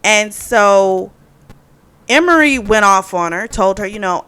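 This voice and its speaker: A woman's voice: medium pitch, expressive, measured pace, sharp tone, clear, resonant tone. A woman casually recapping a romance novel for her book channel, chatty and full of fillers. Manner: chatty, retells plot with many fillers. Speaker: book reviewer.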